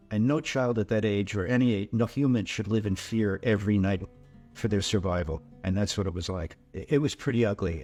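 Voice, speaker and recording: Older guy, lowish voice, telling his life story, kinda halting, repeats words, faint music behind. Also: darkish tone. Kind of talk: personal testimony.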